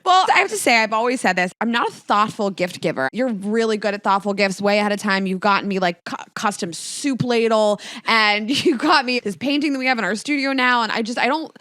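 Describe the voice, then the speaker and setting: A woman's voice: on the high side, brisk, hardly any pauses, fairly bright tone, dry recording, studio quality. A woman co-hosting a podcast, gushing and rambling in casual chat. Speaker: podcast co-host.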